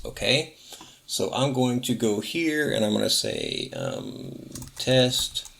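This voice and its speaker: A man hosting a tech tutorial, casually narrating each step of a software setup and correcting himself as he goes. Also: on the low side, gravelly. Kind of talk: screen-recorded software walkthrough.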